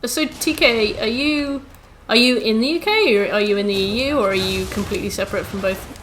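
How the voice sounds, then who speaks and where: Ranty woman streamer, high voice. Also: a bit bright, a little hiss or hum. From England. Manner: chatty, ranty, swearing, quick asides to chat. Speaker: game streamer. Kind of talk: casual live-stream chat.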